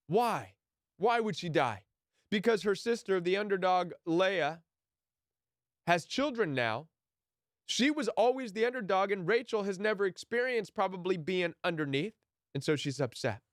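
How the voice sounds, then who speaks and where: A man's voice: high voice, lively intonation, normal speed, no room sound, studio quality. Earnest man teaching the Bible. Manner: earnest, emphatic, acts out quoted lines. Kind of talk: sermon-style Bible teaching.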